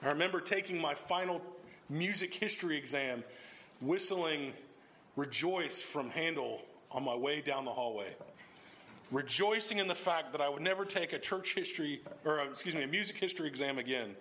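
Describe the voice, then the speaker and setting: At a moderate pace, a preacher delivers an expository sermon with emphasis, shifting from a low, steady tone to sudden bursts of exclamation.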